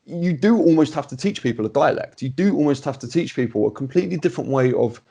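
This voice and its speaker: A man hosting a podcast, talking in a chatty, animated way with lots of restarts. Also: mid-range voice, fast, gravelly, slightly rough. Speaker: podcast host. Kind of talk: casual podcast chat.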